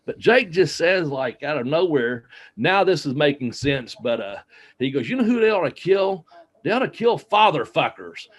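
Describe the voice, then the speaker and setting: A man's voice: a little high, big pitch swings, normal speed. A man, a former wrestler, telling rambling road stories in a casual interview, full of fillers and laughter. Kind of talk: casual storytelling. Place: home, smart speaker nearby.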